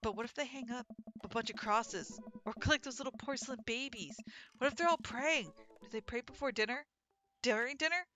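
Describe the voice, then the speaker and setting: A woman's voice: on the high side, a little fast, pushed and bright, soft background music, pitched above the performer's own voice. A woman voicing a nervous, awkward dad as the player character, fumbling over lines in a self-conscious way.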